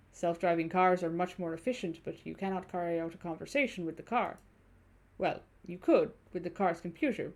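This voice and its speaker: Woman reading as a stiff formal tourist guy in a game, half-hearted german accent, clipped, probing, mid-pitched voice. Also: darkish tone.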